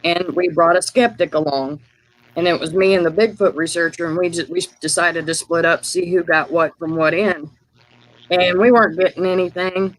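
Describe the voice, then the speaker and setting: High-voiced man telling a rambling story. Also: steady tone, normal speed, a bit bright, no echo, poor audio. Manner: rambling, many fillers and restarts. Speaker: guest sharing field experiences. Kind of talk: casual storytelling on a live call.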